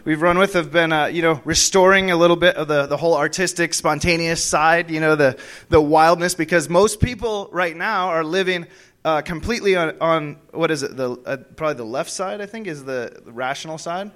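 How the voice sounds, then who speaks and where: A young man with a notably high voice delivers a loose, charismatic sermon to a room of listeners. He rambles through fillers and restarts, laughing often and breaking into sudden high-pitched whoops. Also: a little fast, a bit bright. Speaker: preacher. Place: church meeting room.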